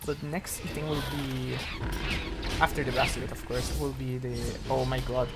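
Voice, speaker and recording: A man giving let's-play commentary on a game, breaking into excited, swearing outbursts at the action. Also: medium pitch, normal speed, creaky, noisy background. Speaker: gameplay commentator.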